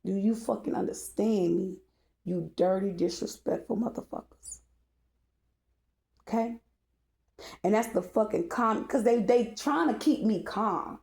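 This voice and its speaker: Mad mom ranting and cussing, gravelly dark voice, echoey room. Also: female voice, medium pitch, unhurried, long pauses. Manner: cursing, heated and repetitive, rising to shouting. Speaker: mother venting to viewers. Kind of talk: angry rant to camera.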